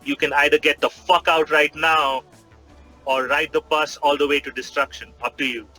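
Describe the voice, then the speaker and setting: A man's voice: fairly high pitch, flat delivery, normal speed, sharp tone, faint music behind, rough recording. A man playing a paranoid male gunman who issues cold threats. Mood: menacing.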